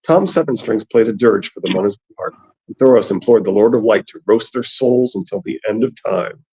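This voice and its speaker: A man's voice: fairly low pitch, brisk, dark tone, breathy edge. A man hosting a casual book discussion, who reads passages aloud and then comments on them. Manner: reads aloud, then chats about the text. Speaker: podcast host reading aloud. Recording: dull lo-fi sound.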